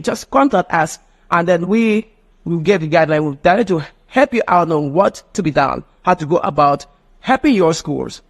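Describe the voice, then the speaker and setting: A man teaching a live online phonetics class, often asking rhetorical questions. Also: high voice. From Nigeria. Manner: animated, mimics children's voices, asks rhetorical questions.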